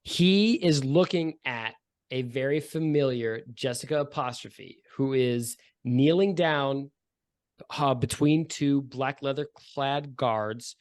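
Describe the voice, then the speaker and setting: A man narrates as game master of a tabletop game, drifting through his descriptions with fillers and jokey asides. His voice sits at an ordinary middle pitch. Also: slow pace, smooth. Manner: loose, rambling descriptions with many fillers.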